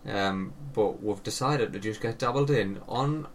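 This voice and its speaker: A young adult man co-hosts a podcast, trading laid-back, sweary banter in casual chat and trailing off with lots of fillers. His voice is on the low side at a measured pace, with a little hiss or hum in the recording.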